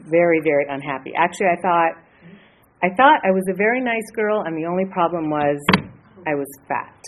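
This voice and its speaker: A woman in her late fifties, from the Los Angeles area, sharing her story at a recovery meeting, hesitant and earnest with many pauses. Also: low voice, slight background noise, rough recording. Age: 50s. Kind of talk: personal share at a support meeting.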